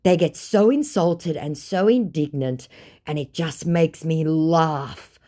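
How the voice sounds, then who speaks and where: A woman's voice: low voice, takes it slowly, warm tone. A woman narrating chat screenshots from a scam-baiting exchange, speaking in a mocking, amused way. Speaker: scam-baiting video creator.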